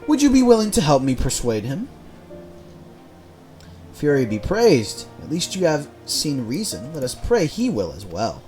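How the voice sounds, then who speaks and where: A man's voice: fairly high pitch, huge pitch swings, measured pace, mellow, soft background music. A man voicing a stern male church inquisitor, reading game dialogue in stiff, archaic formal speech. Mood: grave.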